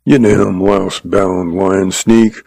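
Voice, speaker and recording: Hot-headed sneering outlaw, as a male reader puts him on, twang, dark low voice. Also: steady tone, slow pace, creaky, no echo, full character voice. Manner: sneering, raving.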